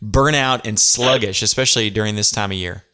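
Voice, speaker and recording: A man hosting an interview podcast, warmly affirming his guest and asking loose, conversational questions. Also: on the low side, brisk. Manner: enthusiastic, affirming, loose phrasing. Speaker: podcast host.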